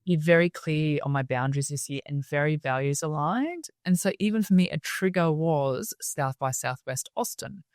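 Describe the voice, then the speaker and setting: An Australian woman speaking as a podcast guest, telling stories in a lively, chatty way and laughing often. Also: sits low, moderate pace, hardly any pauses, no echo, clean studio sound. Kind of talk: casual interview storytelling.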